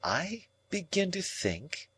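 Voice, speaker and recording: A man's voice: medium pitch, pitched above the performer's own voice. A man voicing a cool, proud young woman. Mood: measured. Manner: calm, measured, coldly reasoning. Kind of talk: audiobook character reading.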